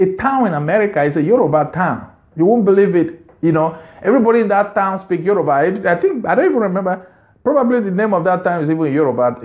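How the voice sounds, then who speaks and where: A man's voice: fairly high pitch, phone-quality sound. A man hosting a video, giving business advice in an unscripted monologue, earnest and repeating phrases for emphasis.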